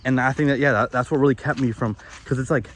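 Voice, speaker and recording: A man's voice: medium pitch, steady tone, quick pace, a little hiss or hum. A young man outdoors in the woods, rambling candidly and profanely through a confessional monologue, often restarting his sentences. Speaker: vlogger.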